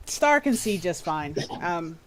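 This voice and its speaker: A woman's voice: fairly low pitch, big pitch swings, slow, slight background noise, poor audio. A woman, narrating casually as game master with many fillers. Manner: casual, lots of fillers, Southern "y'all".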